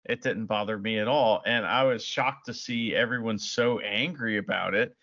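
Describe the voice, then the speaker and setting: Relaxed male podcast co-host with a bright, forward voice, rambly and good-humored; dull audio. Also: fairly low pitch, normal speed. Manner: laid-back, laughing, hedges with "you know". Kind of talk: casual podcast chat.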